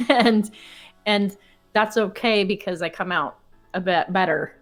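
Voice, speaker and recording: A woman's voice: mid-range voice, animated, slow, soft background music. A young woman chatting as a podcast guest, giggly and talkative. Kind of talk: casual chat.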